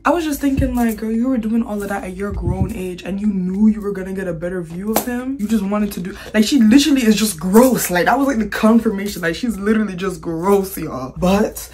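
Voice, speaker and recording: A woman vlogger tells a storytime straight to the camera in a casual, chatty voice. She gets exasperated and acts out what people said, with her voice rising as she goes. Her pitch sits in the middle. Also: brisk, hardly any pauses. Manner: animated, exasperated storytelling with acted-out quotes.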